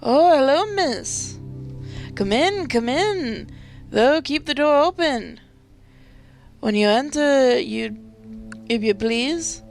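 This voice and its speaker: A woman's voice: high voice, animated, slow pace, vocal fry, long pauses, faint music behind, exaggerated voice. A woman voicing a kindly middle-aged male priest, reading game dialogue in a polite, soothing way. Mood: reassuring. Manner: polite, soothing, formal speech.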